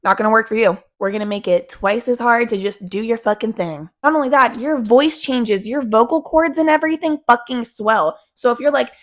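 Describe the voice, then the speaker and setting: A woman in her twenties ranting in a casual vlog, profane, blunt and animated. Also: on the high side, brisk, hardly any pauses. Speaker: vlogger.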